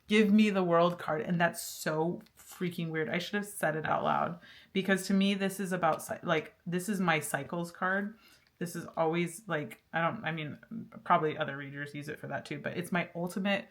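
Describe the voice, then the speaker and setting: A woman's voice: on the low side, fairly even intonation, moderate pace, fairly bright tone. A woman giving a casual pick-a-card tarot reading, chatty and laughing often, with lots of fillers and restarts. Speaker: tarot reader.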